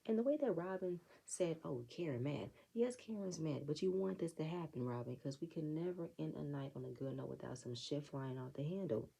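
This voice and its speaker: A woman's voice: low voice, a little fast, vocal fry, few pauses, warm tone, slightly rough, low-quality recording. A woman giving a blunt, profane, sassy recap of a reality show episode, talking straight at the cast members. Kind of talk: casual recap commentary.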